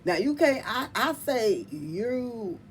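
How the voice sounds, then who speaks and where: A woman hosting her tarot channel, chatting casually to viewers in an animated, emphatic way, laughing often and calling them y'all and honey. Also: a little high, takes it slowly, slight background noise. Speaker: tarot reader and channel host.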